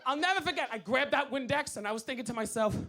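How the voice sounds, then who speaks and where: Animated New York comic, high bright voice. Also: male voice, quick pace. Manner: animated, loud storytelling with shouted outbursts. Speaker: stand-up comedian. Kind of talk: stand-up comedy set. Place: comedy club stage. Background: audience laughter.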